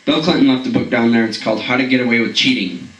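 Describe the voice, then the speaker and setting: A man's voice: mid-range voice, fast talker, a bit bright, echoey room, distant mic, rough recording. A man doing a rambling comedic monologue, stammering and chuckling at his own jokes.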